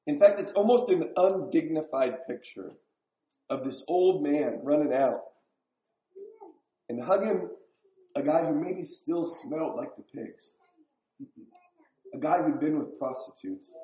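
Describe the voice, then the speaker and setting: A man's voice: fairly high pitch, measured pace, pauses often, mellow. A man preaching a sermon in a church, talking in a conversational way and putting questions to the congregation. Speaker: pastor. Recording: echoey room.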